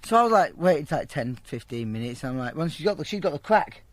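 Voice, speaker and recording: A man telling a crude, profane anecdote in a blunt, animated way to an interviewer. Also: fairly high pitch, fast talker, dry recording. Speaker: storyteller. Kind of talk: casual anecdote told to an interviewer.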